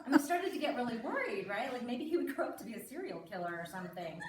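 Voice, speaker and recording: A middle-aged woman performing stand-up, her voice set a little high and swinging up and down as she talks. She sounds chatty and confiding, checking in with "right?" as she goes. The sound is roomy and picked up from a distance. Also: very animated, quick pace, slight background noise. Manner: chatty, confiding, keeps tagging lines with "right?". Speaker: stand-up comedian. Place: live comedy stage with audience.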